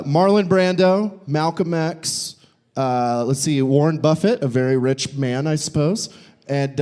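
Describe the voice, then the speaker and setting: A young man with a slightly higher voice performs a stand-up set in a brewery. He rambles, swears freely and chuckles at his own jokes. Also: dark tone. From Nebraska. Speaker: stand-up comedian.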